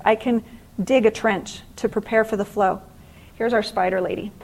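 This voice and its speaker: A middle-aged woman, a conference speaker and author, gives a faith-based motivational class at a conference in a medium-pitched voice. She tells stories in an animated way, acting out exclamations, on a low-quality recording.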